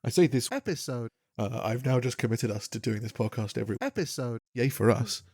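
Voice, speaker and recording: A man's voice: medium pitch, fairly quick, darkish tone, no room sound, clean studio sound. A young man co-hosting a podcast, rambling casually and poking fun at himself. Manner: rambling, self-deprecating, swears casually. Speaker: podcast co-host. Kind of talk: casual chat.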